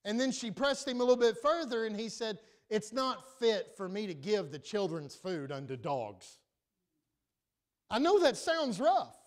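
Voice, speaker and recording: High-voiced man preaching a sermon. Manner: animated preaching that swings from loud to quiet. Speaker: pastor. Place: church sanctuary.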